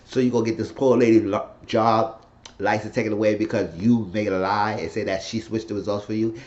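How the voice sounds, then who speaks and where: A man's voice: on the low side, steady tone, brisk, a little mellow. A man casually recapping a TV episode in a rambling, profane way, often slipping into the characters' lines. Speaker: TV recap reviewer. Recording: slightly dull lo-fi recording.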